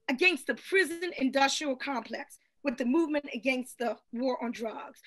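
A woman preaching a rousing sermon over a video call, building to shouted call-and-response. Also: high-pitched. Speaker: guest minister.

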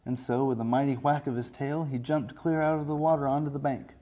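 Mellow-voiced man reading a storybook. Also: medium pitch, steady tone, a little fast. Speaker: children's librarian. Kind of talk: reading a picture book aloud.

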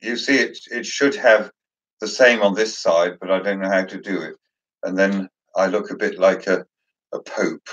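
Guy chatting and joking around, lowish voice, kinda dull lo-fi sound. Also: fairly even intonation, normal speed, fairly bright tone. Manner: chatty, joking, theatrical asides. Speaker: host. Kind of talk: casual chat.

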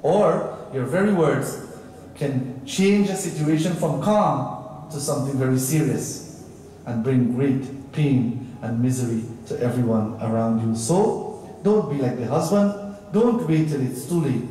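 A man's voice: medium pitch, measured pace, dark tone, a little hiss or hum. A man leading a temple sermon, telling a story and explaining verses line by line in plain English. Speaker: pandit. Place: temple hall. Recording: roomy echoey hall, far from the mic.

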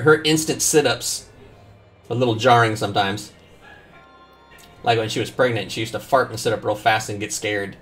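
A man streaming a video game, chatting casually and telling joking, profane stories while he plays. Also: mid-range voice. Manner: joking, profane, animated storytelling. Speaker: gaming streamer. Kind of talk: casual gameplay commentary. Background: faint game music.

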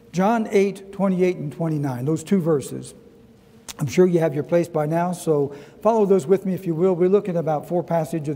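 A middle-aged man with a Southern US accent teaching a Sunday school Bible lesson, earnest, repeating key phrases and slowing down to read scripture. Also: a little high, warm tone. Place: church sanctuary. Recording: long reverb of a church hall.

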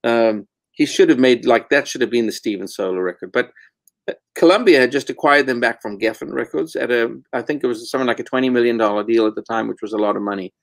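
Middle-aged man, blunt storyteller, mid-pitched voice, dry close sound. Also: fast talker, gravelly, no room sound. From South Africa. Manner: blunt, candid storyteller, swears freely. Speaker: guest, record producer. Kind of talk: casual interview chat.

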